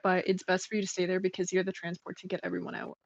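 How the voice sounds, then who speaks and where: A woman playing in a tabletop game, answering in a hesitant, soft-spoken way. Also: lowish voice, monotone, quick pace, vocal fry, no echo. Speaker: player. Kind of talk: casual tabletop play. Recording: slightly muffled home mic.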